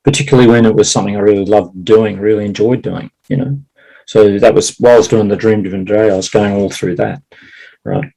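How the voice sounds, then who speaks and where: A man with a lowish voice chatting casually as a guest. He talks haltingly, restarting sentences and breaking into laughter. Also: fairly even intonation, creaky, dark tone, low-quality recording. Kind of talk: casual conversation.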